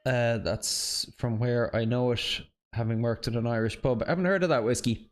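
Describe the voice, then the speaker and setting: A man's voice: mid-range voice, normal speed, soft background music. Man, sim racing streamer, casual chat, apologetic, reads chat aloud. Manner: chatty, apologetic, answers viewer chat aloud.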